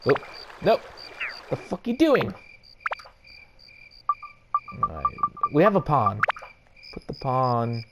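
A man talks over his gameplay at a medium pitch, cursing his way through each setback in constant frustration. He mutters little asides to himself between the louder outbursts. Loud game music plays under his voice the whole time. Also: wildly swooping pitch, unhurried. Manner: mutters to himself while playing. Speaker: let's play gamer. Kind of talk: casual gameplay commentary.

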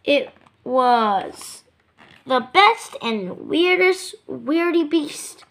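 A woman reads a children's storybook aloud with an expressive, sing-song delivery. Her voice sits high and moves a great deal, and she takes her time. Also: extremely slow.

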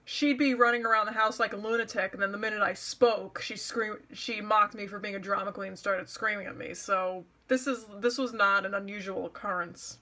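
A woman's voice: medium pitch, fairly even intonation, brisk, hardly any pauses, bright, forceful tone. A young woman telling a personal story to camera in an exasperated, sarcastic rant. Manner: exasperated, sarcastic, mocks others' words. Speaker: vlogger.

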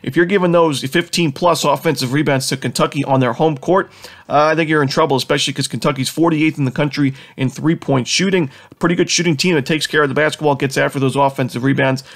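Fast-talking nasal man with a cold. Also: fairly high pitch, fairly even intonation, fairly bright tone. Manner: confident, stat-heavy, many "you know" fillers. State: has a cold. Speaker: sports betting analyst host. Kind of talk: fast sports betting picks rundown.

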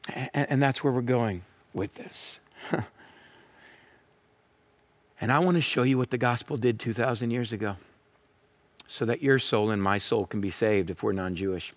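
A male pastor delivering a sermon in an ordinary, mid-range voice. He presses his points with repetition and rhetorical questions, climbing to forceful declarations before settling back into quieter, reflective stretches. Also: mid-range voice, normal speed, pauses often.

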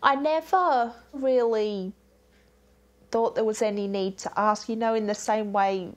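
A woman's voice: fairly high pitch, steady tone, unhurried. A woman with an Australian accent answering interview questions in a plain, literal way, recalling exact dates.

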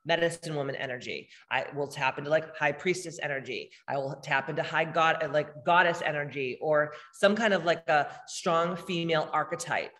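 A woman's voice: deep voice, normal speed, few pauses, fairly bright tone, in a large hall. A woman spiritual healer hosting a live meditation, talking casually and bluntly with lots of swearing as she reads chat comments. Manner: blunt, profane, emphatic.

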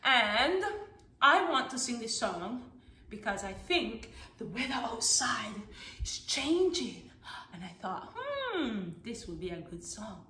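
A woman teaching a music lesson to small children, singing songs and talking to them in an animated, sing-song way. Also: a little high, slow pace. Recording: echoey room with background noise.

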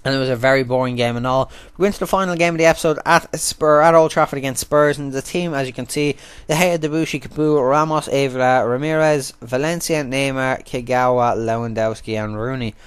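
A man's voice: medium pitch, fairly even intonation, fairly quick, clear, resonant tone, no echo. A man talking casually over football game footage, chatty and rambling, swearing freely. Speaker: gaming commentator. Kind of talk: casual gameplay commentary voice-over.

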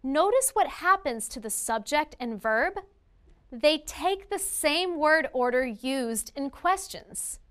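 Slow, bright-voiced woman teaching grammar. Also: high voice, lively intonation. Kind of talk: scripted grammar lesson narration.

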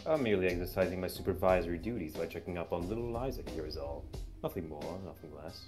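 A cool, smirking dog agent, as a man voices him with a low voice and a slow, taunting delivery. He stays composed and sarcastic throughout. Strummed guitar music plays behind. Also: lightly acted. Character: sly, mocking male dog FBI agent.

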